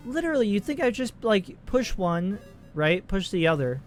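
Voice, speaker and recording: Man, 20s, let's play host, profane, rambling, exasperated, slightly high voice. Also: very animated, moderate pace, faint music behind. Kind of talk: casual gameplay commentary.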